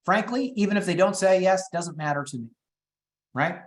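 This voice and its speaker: High-energy man coaching sales. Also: animated, reverberant. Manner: high-energy, quick, acts out phone calls. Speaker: real estate coach. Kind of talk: teaching sales scripts in a webinar.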